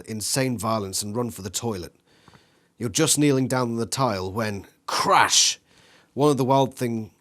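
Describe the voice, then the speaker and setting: A reader with a medium-pitched voice reads an interactive gamebook aloud with animation, performing the sound effects vocally.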